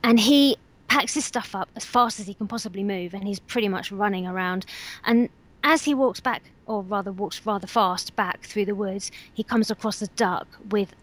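A woman's voice: mid-range voice, normal speed, a bit bright. A woman on a radio show, earnestly retelling someone else's frightening account, with fillers and restarts. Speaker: guest storyteller.

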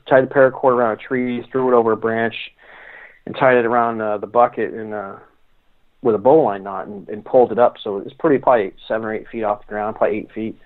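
Man telling stories over a phone line. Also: lowish voice. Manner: rambling, halting with many restarts. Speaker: guest. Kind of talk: casual storytelling. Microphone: phone call.

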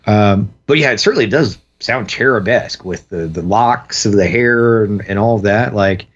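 A man's voice: lowish voice, normal speed, lo-fi sound. A man co-hosting a podcast, musing tentatively in casual chat with many fillers.

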